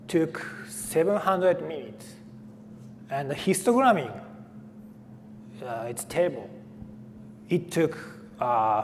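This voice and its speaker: A man giving a technical conference talk, speaking haltingly with frequent fillers and restarts. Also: fairly high pitch. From Japan. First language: Japanese. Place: conference hall. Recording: faint hall reverb, light room noise.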